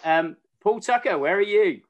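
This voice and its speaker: A man's voice: sits high, expressive, normal speed, lo-fi sound. Playful man hosting a video call. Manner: jokey, warmly teasing. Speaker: host.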